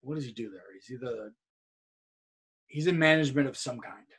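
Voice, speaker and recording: A man from California, a guest on an interview podcast, telling a long anecdote in a rambling, animated way full of repeats and quoted dialogue. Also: medium pitch, normal speed, breathy edge. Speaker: interview guest, wrestler and streamer. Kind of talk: casual storytelling in a podcast interview.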